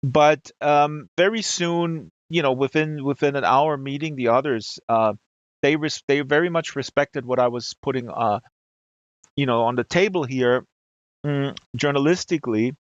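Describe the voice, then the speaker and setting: A man's voice: mid-range voice, dry recording, highs cut off. Man rambling through a story. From Germany. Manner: rambling, many fillers and restarts. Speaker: livestream host. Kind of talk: casual storytelling to a live chat.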